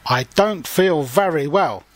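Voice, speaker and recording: A man's voice: fairly high pitch, lively intonation, slow pace, no room sound. A man voicing an older male mouse who is out of breath, unwell and cross in a read-aloud storybook. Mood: weary. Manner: panting, weary complaints.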